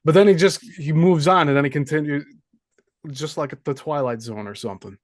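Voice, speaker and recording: A man's voice: a little high, a little fast, no echo. Casual male host, dry sound. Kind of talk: live interview.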